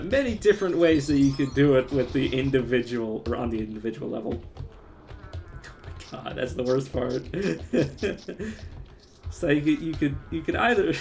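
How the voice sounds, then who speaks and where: A man's voice: medium pitch, a little mellow, slight background noise. A man streaming live, chatting casually, often breaking into laughter and restarting his sentences.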